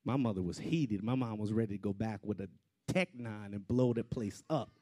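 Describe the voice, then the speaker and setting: A man preaching a storytelling sermon, swinging between loud outbursts and hushed asides. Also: lowish voice, moderate pace.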